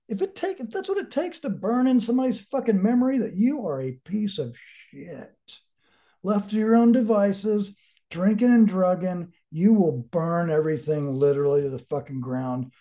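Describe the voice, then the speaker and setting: A man's voice: a little high, warm tone. Blunt swearing man in his forties. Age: 40s. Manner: blunt, heavy swearing, emphatic. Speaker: interview guest. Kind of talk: candid personal storytelling.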